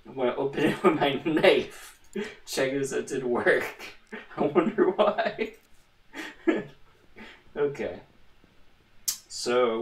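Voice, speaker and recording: A man's voice: mid-range voice, far from the mic. A man hosting a gaming channel, giving casual let's-play commentary in a rambling, joking, self-mocking way, recorded in a roomy space with his voice away from the microphone. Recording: roomy echo, voice away from the mic.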